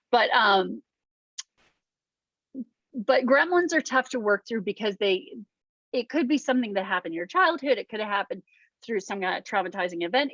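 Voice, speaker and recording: A woman life coach runs a small workshop in a chatty, casual manner, filling her talk with ums and little acted-out quotes. Her voice is medium-pitched and a bit bright, with no echo, in a dull, dry lo-fi recording.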